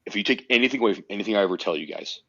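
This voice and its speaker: A man with a very low voice speaks as a podcast guest, emphatic and swearing freely as he tells his story. The sound is dry and a bit muffled, with no room around it. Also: lively intonation, racing, a bit bright, no room sound. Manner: emphatic, swears often, tells stories intensely. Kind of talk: casual podcast conversation.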